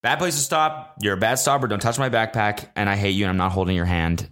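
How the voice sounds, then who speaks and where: A young man hosting a casual solo podcast, ranting with swearing and sudden high, exasperated outbursts. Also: brisk, few pauses, fairly bright tone, clean tone. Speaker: podcast host. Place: traveling abroad, recording while away.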